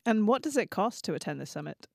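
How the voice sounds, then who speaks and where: A friendly, teasing radio host asks a guest questions in a casual interview. The voice is mid-pitched and recorded close and dry, with no room sound. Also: big pitch swings, quick pace, gravelly, darkish tone, no echo.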